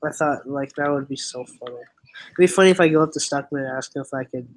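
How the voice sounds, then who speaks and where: Rambling excitable young male streamer. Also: mid-range voice, quick pace. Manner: rambling, excitable, many fillers. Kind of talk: casual chat on a stream.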